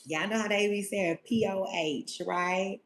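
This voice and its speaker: Slow laid-back woman, echoey room. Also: mid-range voice, fairly even intonation. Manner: laid-back, laughing, slangy. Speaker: podcast host. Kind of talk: casual chat to viewers.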